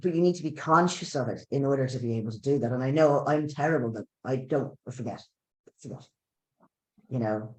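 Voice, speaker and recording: A man hosting a webinar, talking in halting, self-correcting bursts and repeating words. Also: mid-range voice. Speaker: webinar host. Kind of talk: casual chat. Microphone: video call. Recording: roomy echo on a call.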